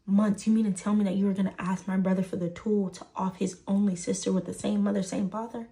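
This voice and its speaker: A woman's voice: medium pitch, level tone, fast talker, mellow. A woman telling a personal story to the camera, stressing points by repeating words. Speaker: storyteller in a shared clip.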